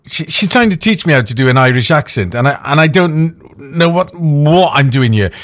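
A chatty man hosts a radio show into a studio microphone. He rambles easily from one aside to the next and pokes fun at himself. His pitch sits in a middle range, with faint music under him. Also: expressive, fairly quick, a bit bright. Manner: chatty, rambling, self-mocking. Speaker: radio presenter. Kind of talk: casual radio chat.

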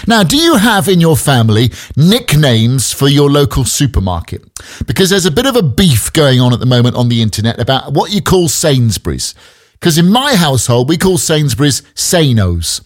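A man's voice: on the high side, sing-song, normal speed. A male radio presenter doing breezy, playful chat between songs on a morning show.

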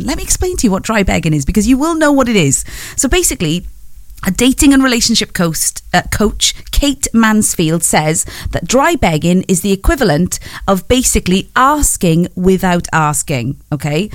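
A woman's voice: mid-range voice, big pitch swings, normal speed, no room sound. A woman presenting morning radio in a chatty, rambling way, laughing easily between asides. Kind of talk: breakfast radio chat. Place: radio studio. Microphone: studio microphone.

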